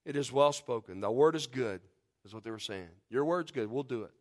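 Male preacher, fervent, emphatic sermon delivery with quiet prayerful stretches. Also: mid-range voice, animated, brisk. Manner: fervent, rising to loud emphatic peaks then dropping quiet; reads scripture in King James wording. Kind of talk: sermon with scripture reading and prayer.

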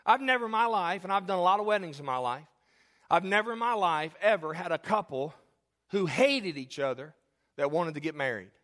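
A man in his forties, a pastor preaching a sermon in a church, animated and jokey, telling stories and acting out the people in them. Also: high-pitched, a little fast. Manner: animated, jokey, acts out characters in anecdotes. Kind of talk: sermon with storytelling. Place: church sanctuary. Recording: long hall reverb.

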